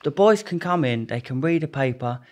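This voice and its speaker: Brisk and animated, a young man with a slightly high voice guests on a podcast. He tells stories casually in an interview, rambling in slang, swearing a lot, and frequently starting over.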